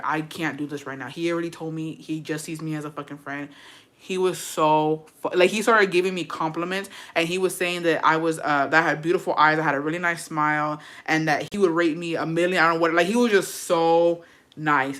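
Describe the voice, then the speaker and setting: A woman's voice: low-pitched, steady tone, fairly quick, a bit bright. A young woman vlogger telling a personal story in a casual, chatty way, swearing freely and turning aside to address her viewers.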